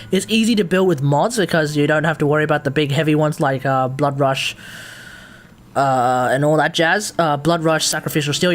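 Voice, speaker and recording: A man's voice: a little high, a little hiss or hum. A man with an Australian accent giving rambling, chatty commentary while live-streaming a video game, often correcting himself.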